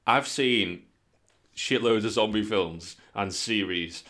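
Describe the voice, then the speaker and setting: Sweary, lower-voiced lad. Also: male voice, slow, pushed and bright. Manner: sweary, jokey. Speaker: podcast co-host. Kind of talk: casual banter.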